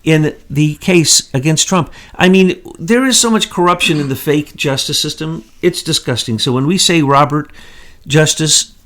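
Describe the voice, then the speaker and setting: A man co-hosting a political commentary show, talking indignantly in rapid strings of rhetorical questions. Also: a little high, fairly bright tone. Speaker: co-host.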